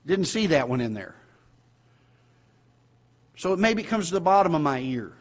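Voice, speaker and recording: Preaching a sermon in a church auditorium, this Southern-accented man has a slightly high, sing-song voice at normal speed. He poses questions to the congregation, moving from loud exclamations to quiet asides.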